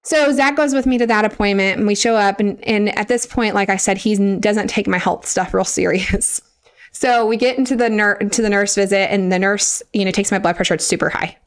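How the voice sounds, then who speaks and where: A young adult woman, a podcast guest, recounting personal experiences in a lively conversational way and acting out what others said. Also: medium pitch, clean tone. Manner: animated retelling, acting out others' words with laughs.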